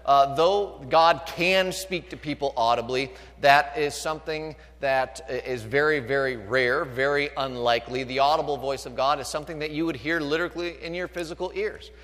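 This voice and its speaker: A male pastor preaching a sermon, asking the congregation for responses as he teaches. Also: fairly high pitch. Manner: preaching with call-outs to the congregation. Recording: long reverb of a large hall.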